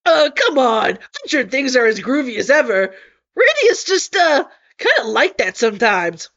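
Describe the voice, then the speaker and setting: A woman's voice: high voice, very animated, moderate pace, fairly bright tone, heavily acted. A laid-back surfer dude talks in an easygoing, slangy way, a woman voicing him for a storybook reading. The recording sounds dull and lo-fi. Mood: cheerful.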